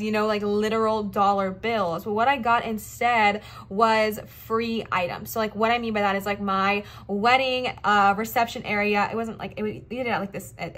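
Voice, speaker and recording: A young woman from the Southern United States doing a casual tarot reading to camera, chatty and emphatic, piling on encouragement with quick asides. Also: medium pitch, fairly bright tone. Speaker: tarot card reader.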